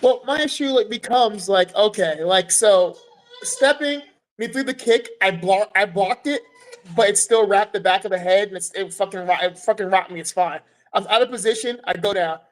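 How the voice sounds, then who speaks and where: A man's voice: sits high, moderate pace, rough recording. A man, a guest fighter, retelling a fight in a casual podcast chat, swearing often and acting out what was said. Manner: animated storytelling, swears often, acts out his own quotes.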